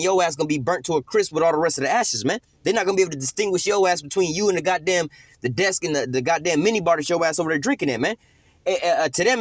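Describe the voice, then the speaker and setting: Fast, profane street-style preacher man. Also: fairly high pitch, no room sound. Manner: profane, slangy, rambling. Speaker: scripture teacher. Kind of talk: informal sermon.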